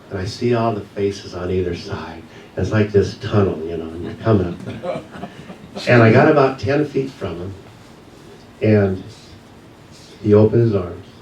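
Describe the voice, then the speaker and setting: A man's voice: on the low side, darkish tone. A man giving an earnest, reflective personal testimony as a guest speaker at a church service. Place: church sanctuary. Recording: echoey room, distant mic, faint hiss.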